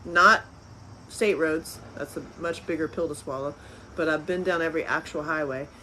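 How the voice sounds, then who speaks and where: A woman talking as an interview guest in casual chat. She is animated, laughs often and repeats phrases. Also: sits low, moderate pace, a little hiss or hum, low-quality recording. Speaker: interview guest, filmmaker and author.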